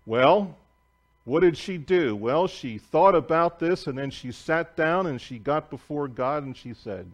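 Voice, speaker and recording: A man preaching a sermon as pastor, telling a story emphatically and swinging between loud declarations and hushed asides. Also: on the high side, animated, unhurried. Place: church sanctuary.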